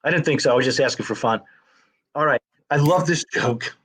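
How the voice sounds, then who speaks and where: Comedian guy chatting on an interview, kinda husky, self-deprecating jokes. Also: medium pitch, fairly bright tone. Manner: chatty storyteller, quick self-deprecating asides. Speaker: comedian guest. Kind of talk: casual interview chat, telling jokes.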